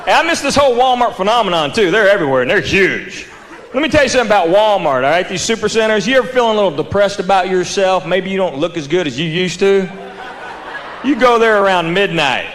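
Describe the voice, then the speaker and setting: A male comedian tells a stand-up story on a theater stage. His voice sits high for a man, and he acts out the quotes as he goes. The live recording carries a long hall reverb, with clear crowd noise behind him. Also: expressive, fast, fairly bright tone. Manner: storytelling with acted-out quotes, laughing along.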